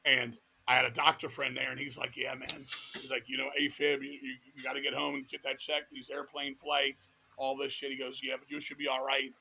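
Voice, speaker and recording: With slight background noise behind him, a middle-aged Virginia man speaks in a mid-range voice that is creaky, bright and forceful, yet completely flat in delivery. A metal vocalist and guest, he tears through wild, profane stories, quoting people in their own voices, in casual, animated talk.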